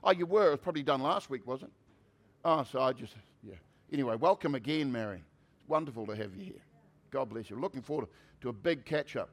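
A man pastor preaching a sermon, shifting from conversational asides to loud, emphatic preaching. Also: mid-range voice, expressive, fast.

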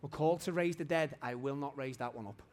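A man in his forties preaching a testimony sermon in a church hall, fervent and shouting at his high points. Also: fast.

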